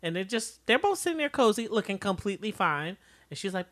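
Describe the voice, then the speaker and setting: Easygoing woman quietly retelling scenes. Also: mid-range voice, big pitch swings, brisk. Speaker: podcast co-host. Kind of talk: casual chat recap.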